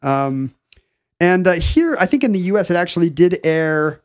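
A man's voice: high-pitched, big pitch swings, moderate pace, clear, resonant tone, no room sound. Brief: middle-aged male co-host, rambling, self-interrupting, dry mic. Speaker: podcast co-host. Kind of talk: casual chat.

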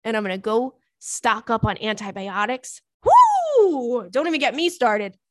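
A young woman hosts a podcast, chatting casually and reading listener messages with profane, animated asides and quick put-on voices. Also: medium pitch, dry recording, studio quality. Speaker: podcast host.

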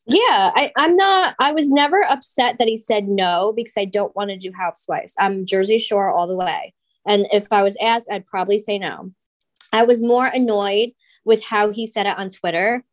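A woman co-hosting a podcast, chatting casually with blunt, animated reactions. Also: mid-range voice, normal speed. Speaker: podcast co-host. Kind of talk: casual chat.

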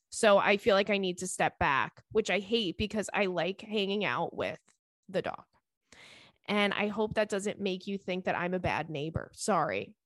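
A young woman hosting a casual podcast, reading listener letters aloud and reacting with animated indignation and frequent swearing. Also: mid-range voice, no room sound.

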